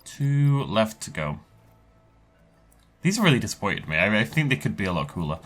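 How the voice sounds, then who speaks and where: A playful Irish man chatting through a video game, his pitch bouncing high and low. His voice is bright and forceful, and the talk stays joking and loose. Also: very animated, moderate pace, faint music behind. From Ireland. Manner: playful, jokey, laughs often. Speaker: gaming video host. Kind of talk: casual let's play commentary.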